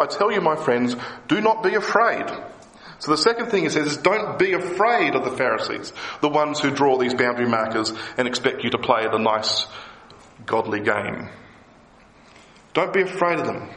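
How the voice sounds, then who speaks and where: A man preaching a sermon as pastor, lively and emphatic. He voices the people he quotes with a rising pitch. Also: roomy sound, poor audio.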